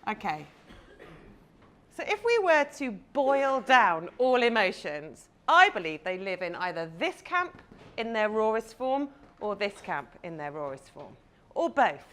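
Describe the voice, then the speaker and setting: A woman's voice: medium pitch, big pitch swings, a little slow, fairly bright tone. A woman, a confidence coach giving a chatty, playful talk to a live audience on stage.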